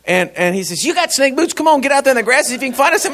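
A male pastor, telling a personal story in a sermon, laughing and animated. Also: extremely high pitch, racing, hardly any pauses.

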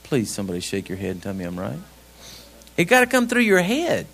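A man's voice: medium pitch, huge pitch swings, a little fast, creaky, a bit bright. A middle-aged man preaching a sermon in a folksy, conversational way, throwing rhetorical questions at his congregation. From grew up on a ranch.

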